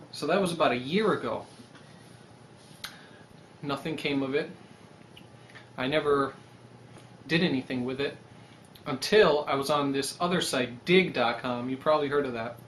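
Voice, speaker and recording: A young man talking in a rambling, animated casual monologue, swearing freely and pitching his website idea. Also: slight background noise. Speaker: website creator.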